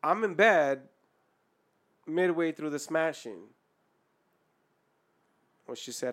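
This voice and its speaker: A man's voice: medium pitch, normal speed, pauses often. A man hosting a podcast, telling a crude story in casual chat, swearing often and laughing as he goes. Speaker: podcast host.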